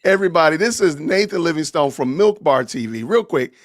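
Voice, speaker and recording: A man hosting a livestream podcast, chatting casually with animated, theatrical exasperation. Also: on the high side, a little fast, no echo, clean studio sound. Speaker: podcast host.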